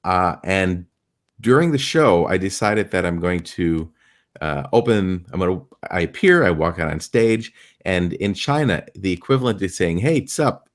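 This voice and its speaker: A middle-aged man, a stage illusionist, telling animated anecdotes in a podcast interview and acting out the people he quotes. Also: low-pitched, moderate pace.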